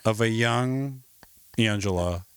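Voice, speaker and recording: A man's voice: on the low side, takes it slowly, clear, resonant tone. A man in his forties co-hosting a podcast, cracking sarcastic jokes in casual banter. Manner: joking, sarcastic asides. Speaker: podcast co-host.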